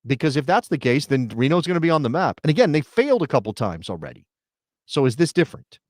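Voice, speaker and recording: A middle-aged man co-hosting a soccer talk show, chatting casually and thinking out loud with rhetorical questions. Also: on the high side, sing-song, fast, no room sound, studio quality. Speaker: soccer podcast co-host. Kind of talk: casual chat.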